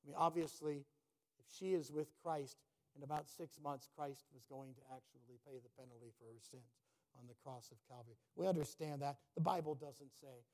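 A middle-aged pastor preaching to his church. His voice sits a little high for a man, and he tells his story with sudden swings between loud, booming emphasis and hushed, near-whispered lines. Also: a little fast. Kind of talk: sermon.

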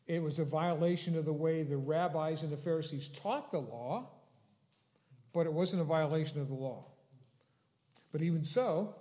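Slow, deliberate preaching man. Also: fairly high pitch, darkish tone. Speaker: pastor. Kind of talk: sermon.

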